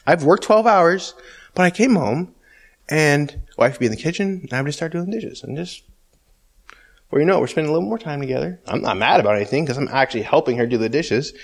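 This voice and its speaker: Man, testimony speaker; very lively pitch, conversational, slips into voices for the people in his story. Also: quick pace. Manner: conversational, acts out dialogue in shifting voices; frequent asides like "okay?" and "you know". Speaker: speaker giving a personal testimony.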